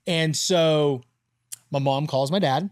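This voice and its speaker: A man in his forties hosting a podcast, telling stories in a casual, animated way and swearing freely. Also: fairly high pitch, slow pace. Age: 40s. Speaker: podcast host. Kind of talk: casual interview chat.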